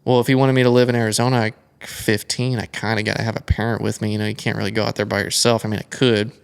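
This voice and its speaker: Gravelly young man telling a long story. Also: fairly low pitch, rapid-fire. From United States. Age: young adult. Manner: rambling, animated storytelling with many fillers. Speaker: guest, flat track racer. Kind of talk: casual storytelling interview.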